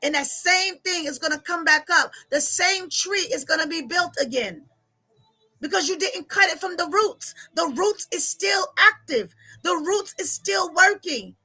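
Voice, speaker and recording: A woman's voice: extremely high pitch, animated, a little slow, bright, forceful tone, rough recording. A middle-aged woman, coaching viewers on a live stream, emotional and often laughing through tears as she reads their comments. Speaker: life coach.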